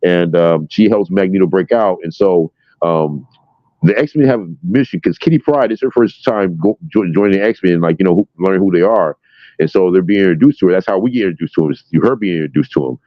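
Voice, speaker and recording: A man telling a story with excitement, full of fillers and swearing, in casual chat. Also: deep voice, fairly quick, no room sound. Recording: dry, dull lo-fi sound.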